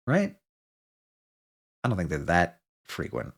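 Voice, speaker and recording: A man's voice: sits low, wildly swooping pitch, takes it slowly, vocal fry, slightly rough. A man streaming casually who chats in a rambling way, restarting and interrupting himself often. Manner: rambling, self-interrupting, many restarts and fillers. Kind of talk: casual livestream chat.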